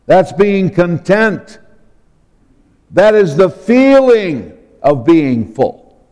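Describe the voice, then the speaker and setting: A man preaching a sermon, explaining a word slowly and deliberately, spelling it out letter by letter. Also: a little high, a little mellow, big-room sound. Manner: slow and deliberate, spelling out words.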